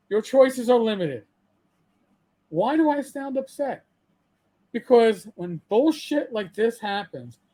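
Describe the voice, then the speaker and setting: A man's voice: sits high, a little mellow. Worked-up man ranting on his podcast. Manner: profane, repeats himself when angry; stammering restarts. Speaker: channel host. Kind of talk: heated podcast rant.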